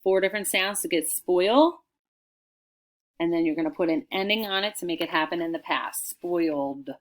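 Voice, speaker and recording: A middle-aged woman, a teacher, dictates a recorded spelling lesson for children, sounding out every word slowly and clearly. Her voice sits somewhat low.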